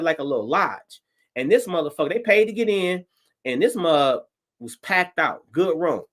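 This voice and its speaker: High-pitched and animated, this man from Detroit, a stand-up comic, spins a profane story on a livestream and plays out how he reacted.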